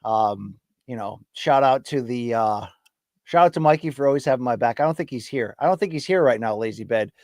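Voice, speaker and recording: A man's voice: medium pitch, lively intonation, fairly quick, darkish tone, dry recording, studio quality. Chatty middle-aged man rambling on a livestream. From US East Coast. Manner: chatty, self-deprecating, hypes the chat. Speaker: podcast host. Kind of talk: casual solo livestream ramble. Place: home studio. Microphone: studio mic.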